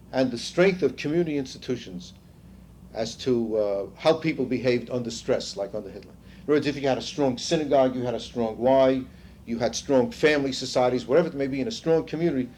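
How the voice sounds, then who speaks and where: A man's voice: medium pitch, dark tone, slight background noise. An older man leading a seminar in a conversational lecture style. He tells stories, drops in asides and "you see", and quizzes the group. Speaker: seminar leader.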